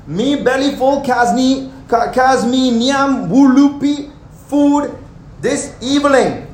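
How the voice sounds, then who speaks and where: A man's voice: very high-pitched, voice pushed up. A man doing a full-bellied Caribbean feaster. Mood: satisfied, playful. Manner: sing-song, drawn-out, playful. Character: full, contented male crowd member after a feast. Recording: roomy hall with faint ambience.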